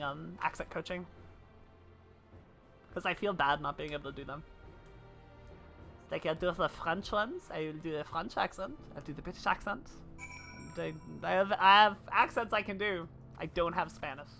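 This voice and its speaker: Bright-voiced woman streamer. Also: fairly low pitch. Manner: laughing often, emphatic and jokey. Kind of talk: casual live-stream chat while playing.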